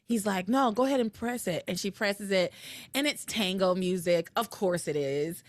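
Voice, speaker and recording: A woman hosting a podcast, recapping episodes in casual chat with animated storytelling and frequent laughter. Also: medium pitch, moderate pace, dry recording. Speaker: podcast host.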